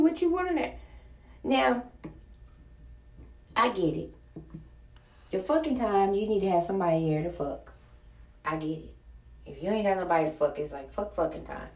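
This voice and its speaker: A woman who makes online content, in a blunt, profane, animated monologue to her viewers. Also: mid-range voice, moderate pace, gravelly, pauses often, far from the mic. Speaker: content creator. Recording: roomy sound, somewhat off-mic.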